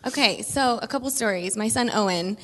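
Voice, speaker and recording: A woman in her thirties, a children's pastor, telling chatty, expressive stories on stage in a church. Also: on the high side, brisk. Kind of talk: casual stage conversation in church. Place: church sanctuary. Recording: long reverb of a large hall.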